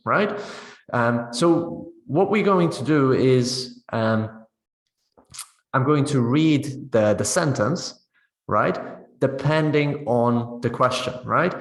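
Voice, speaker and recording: Echoey man explaining pronunciation teaching. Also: medium pitch. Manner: explanatory, checking in with frequent "right?". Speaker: teacher trainer. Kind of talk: webinar teaching demonstration.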